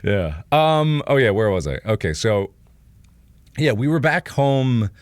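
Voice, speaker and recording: A man's voice: measured pace, no echo. A man in his twenties, chatting on a livestream and telling rambling stories while reading chat. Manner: rambling storytelling, reads chat, lively swings in pitch. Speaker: streamer.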